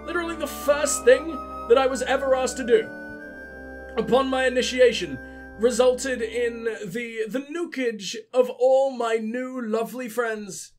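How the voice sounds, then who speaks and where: Sick, crude, high-voiced man narrating gameplay, faint music. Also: measured pace. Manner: crude, joking, heavy swearing. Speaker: let's play host. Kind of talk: gameplay commentary.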